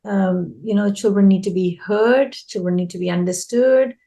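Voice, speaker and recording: A woman's voice: mid-range voice, fairly even intonation, normal speed, mellow. Female education consultant, earnest interview guest who stresses points by repeating them. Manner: earnest, repeats key phrases for emphasis. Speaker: early childhood education consultant.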